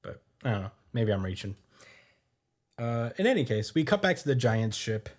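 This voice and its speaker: A man's voice: medium pitch, very animated. A man hosting a podcast, giving a loose, rambling recap full of fillers. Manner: rambling, many fillers, quick laughs. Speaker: podcast host. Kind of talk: casual episode recap.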